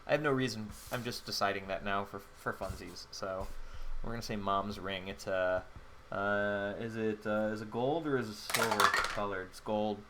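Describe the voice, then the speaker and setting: A man's voice: lowish voice, fairly even intonation, moderate pace, noisy background. A man playing a solo tabletop game on his channel, thinking aloud in a rambling way with many fillers. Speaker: solo game player and host. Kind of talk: solo tabletop game play-through narration.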